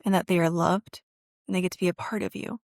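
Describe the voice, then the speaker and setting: A woman's voice: fairly low pitch, fairly even intonation, fast, gravelly, a little mellow, dry recording, studio quality. A woman therapist hosting her own self-help podcast. She talks directly to the listener in an earnest, encouraging, emotionally open way.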